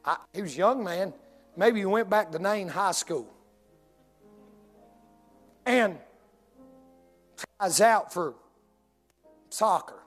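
Male preacher, high-pitched, animated folksy storyteller; faint music bed. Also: slow, long pauses. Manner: folksy, animated, drawling delivery with dialect. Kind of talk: humorous storytelling sermon.

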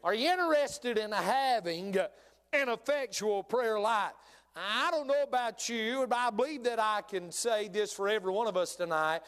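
In a church sanctuary, a middle-aged man preaches a folksy, repetitive sermon full of "uh" fillers, with phrases repeated and sudden rising, emphatic bursts. His high, slightly bright, smooth voice moves at a moderate pace and carries a long reverb tail.

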